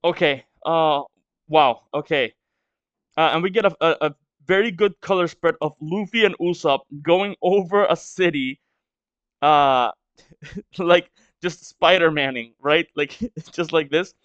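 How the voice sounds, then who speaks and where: A man's voice: a little high, a little slow, a bit bright, smooth, no echo, highs cut off. A man with a stuffy nose from a cold, reading a manga aloud and reacting to it in hesitant, filler-heavy musing.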